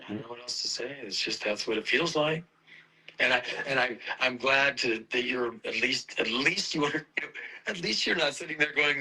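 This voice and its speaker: A man giving a halting, earnest personal statement, choking up at times. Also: medium pitch, animated, pushed and bright, breathy edge, low-quality recording.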